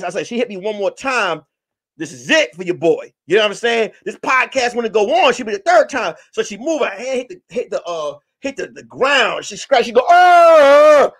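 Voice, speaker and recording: A man hosting a comedy podcast, telling a rowdy story, shouting, swearing and acting out the voices. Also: very high-pitched, breathy edge. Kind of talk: animated comic storytelling.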